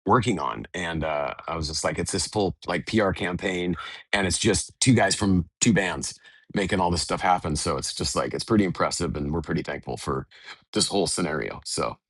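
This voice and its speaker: An American man, a touring band's bassist, chatting casually in an interview from a hotel room, relaxed and rambling with lots of fillers. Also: normal speed, breathy edge, no room sound. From United States. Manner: relaxed, rambling, many fillers and retold dialogue.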